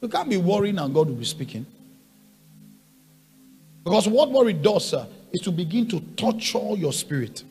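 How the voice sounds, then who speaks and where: Pastor, male, fairly high voice with a lively, wide-ranging delivery, emphatic and repetitive, soft music underneath. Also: moderate pace, pauses often, husky. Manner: emphatic preaching, swinging from quiet asides to loud shouts; repeats phrases and rhetorical questions. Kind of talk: sermon.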